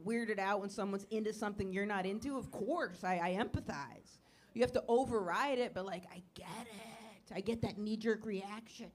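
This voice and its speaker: Woman doing a stand-up routine. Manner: conversational, swings from low asides to loud bursts. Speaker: stand-up comedian. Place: comedy club stage.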